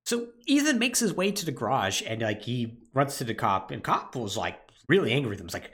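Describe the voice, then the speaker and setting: A man on a podcast, retelling a video game's plot with a lively, swinging pitch. He breaks into quick put-on voices for the characters and keeps the chat relaxed and loose. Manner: animated storyteller acting out characters' lines. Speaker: podcast co-host. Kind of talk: casual game recap chat.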